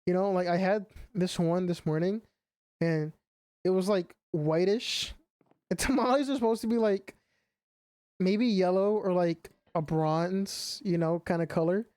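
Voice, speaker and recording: A young man streams a game and chats casually, rambling with plenty of "like" and "you know." His high-pitched voice is unhurried, smooth, and a little mellow, with no echo.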